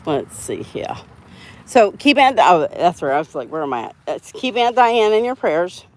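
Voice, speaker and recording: A rambling, friendly-sounding woman with a drawl talks casually to her livestream audience while walking her dogs outside. She greets viewers by name and drifts from one thought to the next. Her voice sits at an ordinary middle pitch. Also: big pitch swings, measured pace. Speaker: livestream host. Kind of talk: casual livestream chat reading viewer comments.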